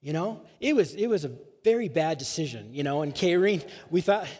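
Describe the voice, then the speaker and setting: A man's voice: on the high side, sing-song, brisk, a little mellow. A male pastor telling a personal story in a sermon, casual and rambling, full of filler phrases. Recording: long hall reverb.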